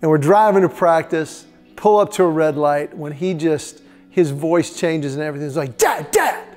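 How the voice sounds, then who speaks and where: A middle-aged man hosting a short devotional segment. He tells a family story, acting out the dialogue in lively voices, and drops to a soft, hushed tone for the reflective parts. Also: on the high side, moderate pace, soft background music.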